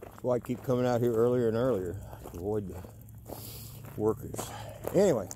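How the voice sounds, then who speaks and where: A man's voice: fairly low pitch, a little fast, a little hiss or hum. A man vlogging outdoors to camera in a laid-back, musing way. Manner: laid-back and musing, breaks off to call loudly for his dogs. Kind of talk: casual outdoor vlog, talking to camera.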